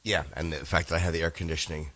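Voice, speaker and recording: A man's voice: a bass voice, little pitch movement, very fast, fairly bright tone, dry recording. A man co-hosting a radio talk show over a video call, his voice a little scratchy and smoky as he tells rambling, self-deprecating stories. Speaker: co-host. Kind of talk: casual radio banter. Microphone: remote video call.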